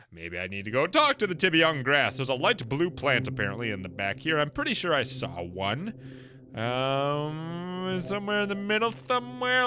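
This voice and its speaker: A man giving chatty, wisecracking let's play commentary as he plays a game. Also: a little high. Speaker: gaming YouTuber.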